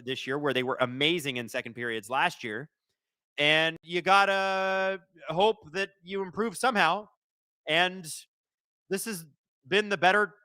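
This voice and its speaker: High, bright-voiced hockey streamer. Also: male voice, smooth, no echo, clean studio sound. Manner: excitable, shouts and swears at the referees; fast play-by-play calling. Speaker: live stream host watching a hockey game. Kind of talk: live watch-along commentary.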